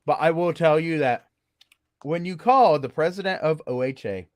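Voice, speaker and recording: A man talking as a guest about working haunted attractions, telling stories with playful swings between high and low voices. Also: normal speed, a little mellow, no room sound. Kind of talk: animated storytelling chat.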